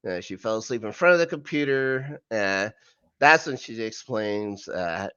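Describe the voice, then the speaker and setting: A man's voice: fairly low pitch, expressive, a little slow, pushed and bright, smooth, no room sound, dull audio. A man co-hosting a podcast, recapping an episode in a casual, rambling way with many fillers and asides. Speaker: podcast co-host. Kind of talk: casual rewatch recap chat.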